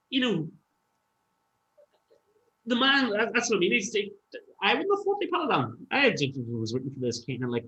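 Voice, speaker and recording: A man guesting on a podcast as a musician tells lively stories in easygoing chat, with free swearing. His voice is medium-pitched and a bit bright, captured in a roomy, dull-sounding space.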